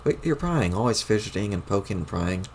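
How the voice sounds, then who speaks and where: A man's voice: on the low side, sing-song, a little fast, vocal fry, a little mellow, slight background noise. A man voicing a smug, scheming young female troll while reading a webcomic aloud, with a mocking tone.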